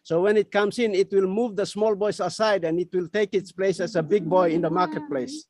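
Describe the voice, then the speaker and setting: A man's voice: high-pitched, fairly even intonation, a little fast, darkish tone. A man with a Papua New Guinean accent, speaking earnestly and persuasively on a webinar video call. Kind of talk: motivational pitch in Tok Pisin.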